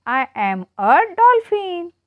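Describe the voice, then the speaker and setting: Woman teacher, children's animal riddles, very slow, bouncy sing-song delivery, dull dry recording. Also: very high-pitched, very animated, no echo.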